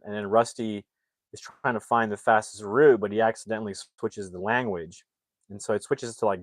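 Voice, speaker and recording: A man with a fairly low voice retells a movie plot in a loose, rambling way, full of fillers and restarts. The sound is close and dry, with no room around it. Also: no room sound. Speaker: film reviewer.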